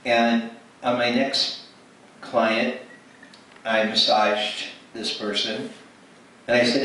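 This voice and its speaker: Speaking slowly with frequent pauses, a man at a ministry event delivers a testimony sermon in a bright, forceful, medium-pitched voice with little pitch movement. His storytelling acts out quoted dialogue and restarts often. The echoey church hall recording is distant, with faint noise.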